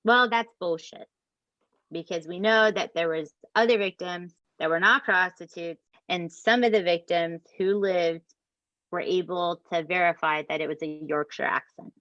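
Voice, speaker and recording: A woman's voice: lowish voice, normal speed, no room sound. A woman hosting a podcast, telling a true-crime story in casual, emphatic chat with co-hosts. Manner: animated, profane, emphatic asides to co-hosts. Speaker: podcast host. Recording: dull dry podcast mic.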